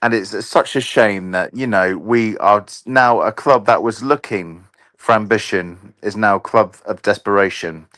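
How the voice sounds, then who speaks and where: A man talking about his football club in a measured, slightly halting way. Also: fairly low pitch, fairly bright tone, dry recording. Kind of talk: casual football chat.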